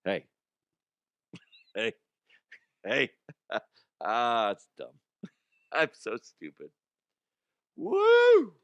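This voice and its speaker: A man hosting a comedy show, his voice hoarse and strained, chatting casually in a rambling, excitable way and laughing often. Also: fairly low pitch, drawn-out words, pauses often, no room sound. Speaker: comedy show host and youth baseball coach.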